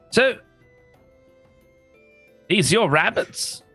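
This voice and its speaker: A man's voice: high-pitched, lively intonation, very slow, a bit bright, breathy edge, faint music behind. A man playing a tabletop game, talking in a wry, joking way. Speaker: player. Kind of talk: casual tabletop game chat.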